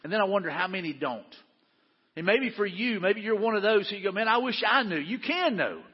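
A man's voice: high voice, sing-song, a little fast, husky, big-room sound, muffled recording. A middle-aged male pastor preaching a sermon in an earnest, conversational way, often saying "man" and restarting his sentences.

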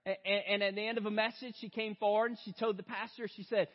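A male pastor preaching a sermon in a conversational way, often tagging lines with "right?", and reading scripture more slowly and softly. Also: high voice, level tone. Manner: reads scripture slower and softer. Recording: reverberant hall, dull lo-fi sound.

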